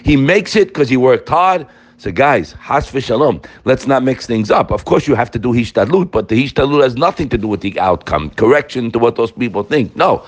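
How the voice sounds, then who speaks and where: A man's voice: mid-range voice, animated, normal speed. A man teaching an informal Torah class, emphatic and addressing his listeners directly.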